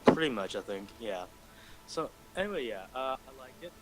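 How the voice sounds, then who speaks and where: A man's voice: mid-range voice, big pitch swings, moderate pace. A young man from Malaysia with an American accent, chatting casually and sardonically while gaming on a stream. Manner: rambling, anecdotal, sardonic. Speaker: streamer and host.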